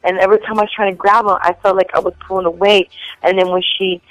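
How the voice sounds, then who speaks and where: A woman's voice: mid-range voice, fast, no echo, faint music behind, rough recording. Chatty woman telling stories. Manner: rambling, lots of "like" fillers, animated quoting. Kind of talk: casual storytelling chat.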